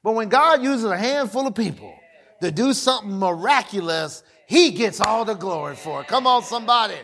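Casting: a fiery male pastor with a very high voice, shouting his sermon. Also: expressive, normal speed. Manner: fiery, calls for audience response, often shouts.

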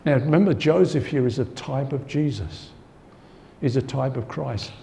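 At a normal speed, a man with a warm, mellow, ordinary-pitched voice and some vocal fry delivers a conversational sermon. He says "you know" as he goes and repeats his key points to drive them home, with slight background noise in the clip.

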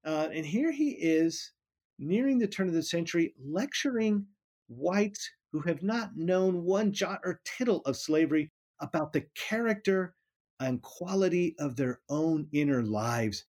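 With an expressive, darkish voice on the high side, a middle-aged politics professor speaks unhurriedly in an academic interview, talking ideas through and often restarting or repeating words as he goes.

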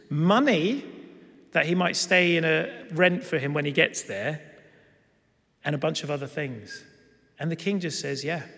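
A man preaching a sermon, telling a story and acting out the quoted lines with lively emphasis. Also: fairly high pitch. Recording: long hall reverb.

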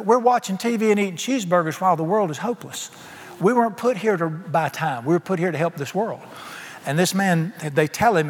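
A man preaching a sermon, telling a folksy, animated story full of sudden jumps in pitch. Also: slight background noise. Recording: reverberant hall with faint ambience.

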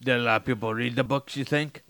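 A man's voice: medium pitch, steady tone, fast talker, fairly bright tone, dry recording. A man co-hosting a podcast in casual chat, mostly giving short reactions and asking curious questions. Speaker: podcast co-host.

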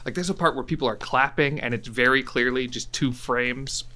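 A man's voice: medium pitch, normal speed, sharp tone, a little hiss or hum. A man co-hosting a podcast, chatting casually and enthusiastically, swearing freely and laughing often. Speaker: podcast co-host. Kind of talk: casual chat.

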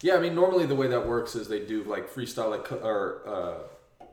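A man's voice: fairly low pitch, big pitch swings, brisk, a little mellow. Laid-back joking man in echoey room. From American South. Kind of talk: casual chat.

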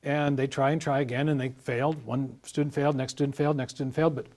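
A middle-aged man talking at length in an interview, in a measured, explanatory way, walking through illustrative stories. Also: medium pitch, steady tone, darkish tone. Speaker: guest scholar.

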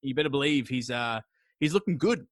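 A podcast host, a man, retelling an old epic in a rambling, crude, jokey way, slipping into quick voices for the characters. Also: mid-range voice, animated, no echo. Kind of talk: casual storytelling chat.

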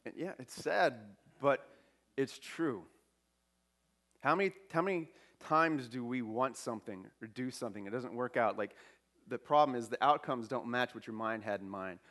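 A man's voice: medium pitch, normal speed, fairly bright tone. A man giving a spiritual talk at a church service, conversational and self-deprecating with humor.

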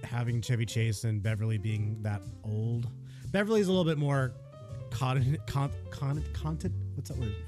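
A man's voice: mid-range voice, normal speed, music in the background. Laid-back podcast guy swearing casually. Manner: laid-back, laughs often, swears freely. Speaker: podcast co-host. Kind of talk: casual chat.

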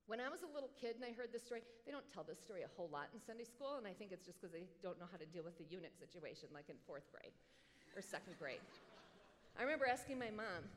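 A woman preacher giving a sermon in an animated, conversational way, with joking asides, in a large hall. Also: mid-range voice, fast talker. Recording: long hall reverb.

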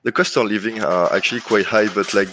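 A man's voice: lowish voice, a little fast, slight background noise, poor audio. A man from France with a French accent, talking casually as an interview guest, full of fillers and restarts. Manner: relaxed, many fillers and restarts. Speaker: guest, lead generation business owner.

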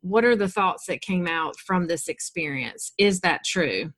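Low-voiced woman interviewer. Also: lively intonation, a little slow, fairly bright tone. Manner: encouraging, asks open questions. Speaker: interviewer and coach. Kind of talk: casual interview.

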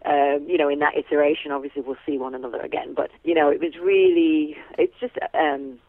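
A woman actress chatting as a guest, warm and chatty with lots of fillers and easy laughs. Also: low voice, fairly quick, no room sound. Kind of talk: casual phone interview. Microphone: telephone. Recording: tinny phone line.

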